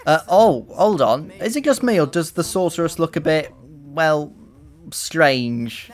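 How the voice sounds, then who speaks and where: A man doing sarcastic, profane, excitable commentary while playing a video game, recorded into a desk microphone. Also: fairly high pitch, unhurried. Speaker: let's play commentator.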